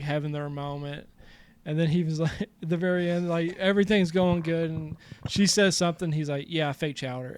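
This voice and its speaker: A man's voice: a little high, darkish tone, clean tone. A young man co-hosting a podcast, casually recapping a comedy film in a loose, profane way. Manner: loose, profane retelling with quoted lines. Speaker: podcast co-host. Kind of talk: casual movie-recap chat.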